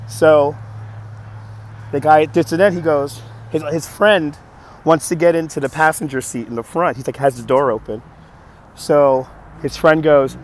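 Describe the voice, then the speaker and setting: A hoarse man who keeps coughing, telling a story on a live stream in an animated, exasperated way. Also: on the high side, normal speed, slight background noise. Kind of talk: casual storytelling to chat.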